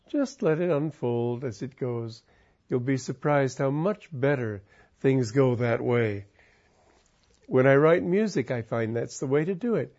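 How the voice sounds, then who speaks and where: Calm spiritual teacher, a man in the middle of his pitch range, speaking in reflective, loosely strung sentences on a muffled recording. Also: measured pace. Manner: calm, musing, wandering sentences. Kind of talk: reflective spiritual talk with personal story.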